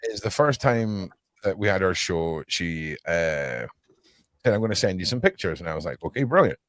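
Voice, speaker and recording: Scottish man, podcast guest, low voice, dry recording, loose rambling talk. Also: normal speed, dry recording. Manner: relaxed storytelling, repeats words. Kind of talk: casual chat.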